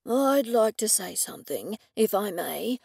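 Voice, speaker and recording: A woman voicing a grieving male businessman, speaking slowly and heavily with aggrieved frustration. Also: medium pitch, animated, vocal fry, dark tone, breathy edge, no room sound, studio quality, heavily acted. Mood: grieving, frustrated. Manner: slow, heavy, aggrieved pleading.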